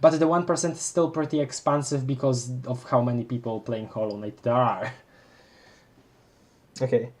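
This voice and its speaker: A young adult streamer who reads a webcomic aloud live, with casual commentary, frequent laughter and quick self-corrections. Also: mid-range voice, steady tone, a little mellow. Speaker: livestream host reading a webcomic aloud.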